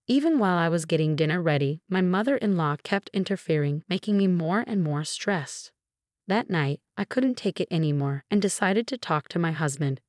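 Young woman, first-person story narration, lowish voice, dry, steady. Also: brisk, no room sound. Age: 20s.

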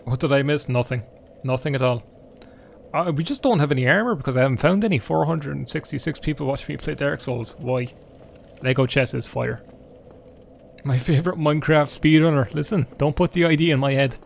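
A man's voice: medium pitch, brisk, creaky, slight background noise. A young Irish man live-streaming a game alone in his room, joking and rambling to his chat as he plays. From Ireland. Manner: jokey, rambling, talks to chat while playing.

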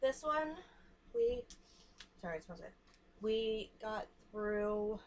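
A woman's voice: medium pitch, animated, slow, long pauses, a little hiss or hum. A young woman vlogger chatting frankly and casually while showing free samples to the camera. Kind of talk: casual chat.

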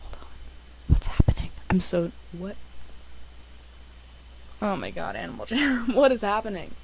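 A young woman, a gaming YouTuber, chatting excitedly to her viewers as she plays. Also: mid-range voice, measured pace, vocal fry, noisy background. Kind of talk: casual game commentary.

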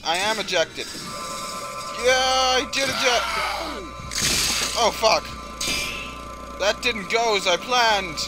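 Excitable high-voiced young man playing games. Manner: excitable, swearing, yelling at the game. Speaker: gaming channel host. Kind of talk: casual let's-play commentary. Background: game music and sound effects.

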